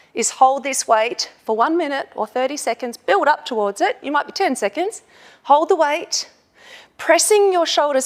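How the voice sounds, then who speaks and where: A woman fitness instructor talking viewers through handstand drills, cueing and counting reps while she strains to hold the poses. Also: high-pitched.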